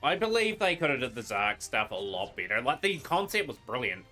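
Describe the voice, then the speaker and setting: A man casually commenting while he streams a card game, rambling and trailing off into quiet asides. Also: medium pitch, sing-song, fairly quick. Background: game music.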